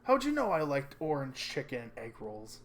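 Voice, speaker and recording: A man's voice: medium pitch, huge pitch swings, normal speed. A man doing a cheeky teasing student guy. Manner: cheeky, joking. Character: teasing young male student, playful prankster.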